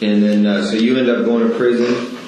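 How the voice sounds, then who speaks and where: A man conducting a recorded police interview, asking calm, methodical questions. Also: fairly low pitch, a little fast. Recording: echoey room, faint hiss.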